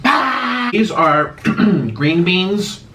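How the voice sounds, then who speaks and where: A mukbang creator talks casually to the camera while eating, naming each dish and humming and moaning over the food. His slightly high voice is very animated and a bit bright at normal speed, with a little hiss or hum.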